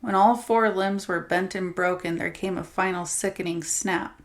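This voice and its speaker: A woman narrator reading a horror anthology story with steady, dramatic storytelling. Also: fairly low pitch, normal speed.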